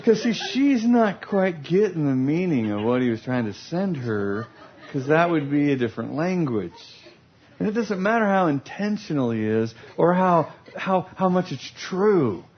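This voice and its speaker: A man's voice: a little high, big pitch swings, normal speed. A man giving a humorous teaching talk about love languages, playful and laughing as he acts out scenes. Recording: lo-fi recording.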